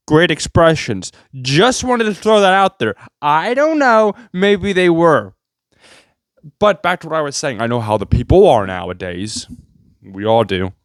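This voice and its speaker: A man's voice: no echo, clean studio sound. A man delivering a sarcastic, rambling comedic rant to his viewers. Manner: sarcastic, rambling, jumpy pitch. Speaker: vlogger.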